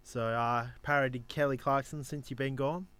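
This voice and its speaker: Radio co-host, mock-serious. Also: male voice, mid-range voice, steady tone, normal speed, fairly bright tone, clear, resonant tone, no echo. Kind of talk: comedy radio interview.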